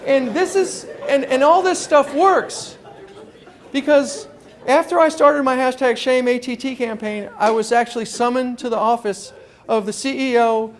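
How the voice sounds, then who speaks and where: High-voiced New man telling stories. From New York. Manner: animated storyteller acting out phone calls. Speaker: guest speaker. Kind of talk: humorous keynote talk. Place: conference room before an audience.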